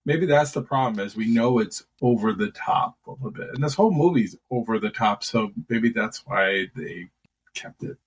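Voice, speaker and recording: A man's voice: fairly low pitch, expressive, normal speed, a little hiss or hum, low-quality recording. A man co-hosting a movie podcast, thoughtfully explaining film trivia in casual chat. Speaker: podcast co-host.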